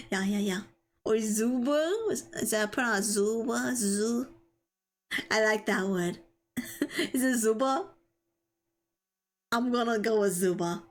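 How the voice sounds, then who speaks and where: A woman's voice: a little high, a little slow, long pauses. A young woman streaming live, chatting casually and giggling as she reads chat and stumbles over tricky words.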